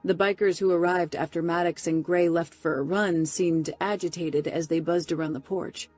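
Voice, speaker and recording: A woman narrating a first-person romance audiobook in a steady, close delivery. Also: on the low side, moderate pace, soft background music.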